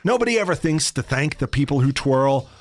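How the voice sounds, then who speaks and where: A man hosting a podcast, giving chatty, jokey announcements and repeating details slowly. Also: medium pitch, expressive, dry recording, studio quality. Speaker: podcast host.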